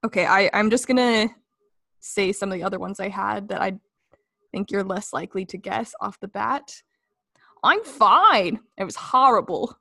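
A woman's voice: medium pitch, fairly even intonation, moderate pace, creaky, fairly bright tone, dry recording, studio quality. A young woman chatting casually and gushing with giggles while playing an impression game. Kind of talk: casual chat.

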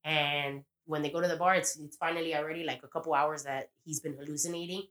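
Casual young woman with a low voice. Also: fairly even intonation, quick pace, a bit bright. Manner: rambling, profane, acts out quoted lines. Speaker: podcast host. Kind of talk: casual TV recap chat.

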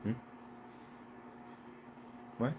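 A man's voice: very slow, background noise. A man leading a casual Bible study discussion, laid-back and slangy, saying "like" a lot. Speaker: Bible study group leader.

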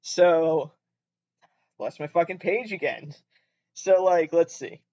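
A young Canadian man with a Canadian accent hosts a casual solo podcast, rambling, swearing a lot and often correcting himself. His fairly high voice has lively intonation, a slow pace and a darkish tone, with lo-fi sound.

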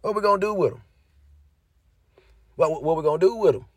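A young man rants straight to his viewers, fired up and cursing at every turn, hammering his points again and again. His voice sits a little high for a man. The sound is dry and close, with no room around it. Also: expressive, brisk, dry recording. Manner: heavy cursing, fired up, repetitive. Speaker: commentator. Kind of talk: heated casual rant to viewers.

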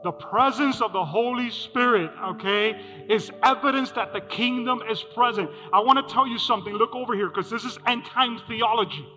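A man's voice: extremely high pitch, moderate pace, hardly any pauses. A man preaching a sermon as pastor to a congregation, asking them questions and repeating his key lines. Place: church hall. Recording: music under a hall reverb.

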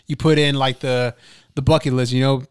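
A young man hosts a relaxed podcast, trading stories with his brother. His voice is smooth and clear. The recording is dry and close, with no room sound. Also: medium pitch, normal speed, dry recording. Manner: laid-back, laughs often, swears casually. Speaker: podcast host. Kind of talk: casual podcast chat. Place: studio.

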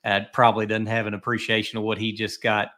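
A middle-aged podcast host rambles through stories in a chatty, casual way. His voice sits on the low side and is monotone, fast and sharp in tone.

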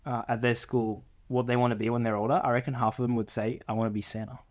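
A man's voice: medium pitch, flat delivery, fast talker. A man chatting casually on a podcast as co-host, rambling through stories with lots of "you know" and "like.". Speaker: co-host, older brother.

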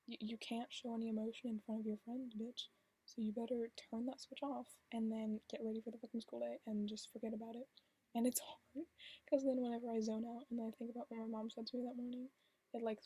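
A teenage girl vlogging in a hushed, half-whispered confessional monologue, blunt and deadpan, swearing often. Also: fairly high pitch, husky, no echo, rough recording. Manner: half-whispered, kept quiet on purpose.

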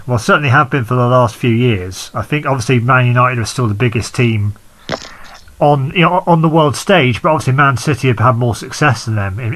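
A man hosting a podcast, interviewing a guest in a friendly, halting way with many restarts. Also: mid-range voice, a bit bright. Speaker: podcast host. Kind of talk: casual interview chat.

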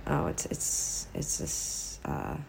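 A woman chatting casually to camera at home, rambling and swearing, swinging from hushed whispers to loud outbursts. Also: slow, a little hiss or hum. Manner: rambling, profane, drops to whispers then gets loud. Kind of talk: casual vlog chat.

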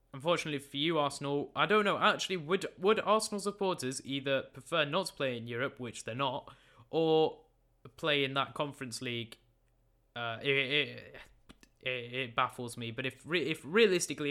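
A man's voice: mid-range voice, bright, forceful tone. A teenage young man casually recapping football results at his computer, chatty and joking, often stumbling over names and self-correcting. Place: room at a computer.

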